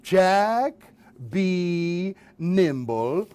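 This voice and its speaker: A man tells nursery rhymes as a children's puppeteer, sing-song and playful, chatting to his audience between verses. His voice sits high and moves a lot, at an unhurried pace. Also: big pitch swings. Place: hospital closed-circuit TV studio.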